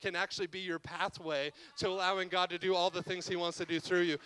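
A young man preaching a sermon as pastor, telling a story with lively asides and jokes. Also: high-pitched, fast talker, hardly any pauses, smooth.

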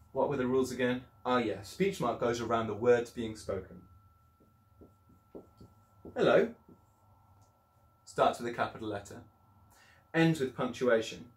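With a mid-range voice, a male primary school teacher delivers an upbeat, encouraging video lesson, occasionally acting out voices as he explains. The room he's recorded in is echoey.

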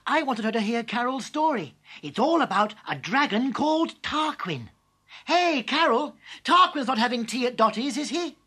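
A woman's voice: on the high side, moderate pace, slightly rough. A woman voicing a cheerful, chatty small male character on a children's story tape, eager and rambling. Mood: curious. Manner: eager, rambling, easily excited.

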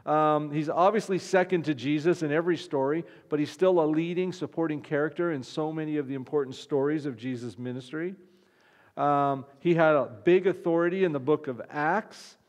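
A man's voice: a little high, moderate pace. A man, a pastor, preaching a conversational sermon with frequent restarts. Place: church. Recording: long reverb of a church hall.

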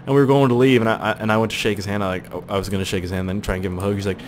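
A man hosting casual video game commentary, rambling, swearing and excitable. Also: fairly low pitch, rapid-fire, hardly any pauses, slight background noise. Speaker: host.

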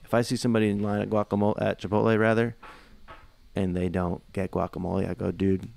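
Male podcast co-host, gravelly fry, low-ish pitch, deadpan rambling comic delivery. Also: fast talker. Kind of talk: casual comedic chat.

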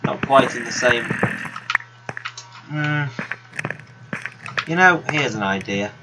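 Slow, wry man over noise. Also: mid-range voice, expressive. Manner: rambling, wry, talks to himself. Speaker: let's play host. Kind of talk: gaming commentary. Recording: loud background noise.

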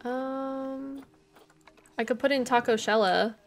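A young woman livestreams a zoo-building game, chatting casually, thinking aloud and greeting viewers in chat. Her voice sits high with fairly even intonation, and she takes things slowly.

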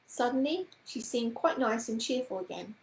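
A woman reading a children's book aloud in a gentle, expressive storytelling manner. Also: on the high side, normal speed, reverberant, rough recording.

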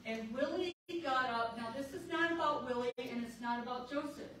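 A woman's voice: high voice, moderate pace, a bit bright. A woman giving an emphatic public speech at a community center, repeatedly checking in with "okay?". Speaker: community organizer speaking at a candidate forum. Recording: echoey hall, distant mic, noisy.

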